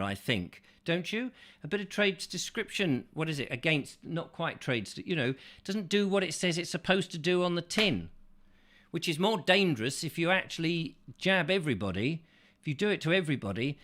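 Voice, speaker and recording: A man with a slightly high, fairly bright voice hosts a casual chat show. He reads viewer comments and rambles along with jokes and asides.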